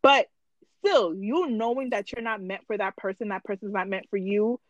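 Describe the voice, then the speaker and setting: A woman co-hosting a podcast in casual chat, slangy and animated, making long points. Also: medium pitch, moderate pace, no echo, highs cut off. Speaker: podcast co-host.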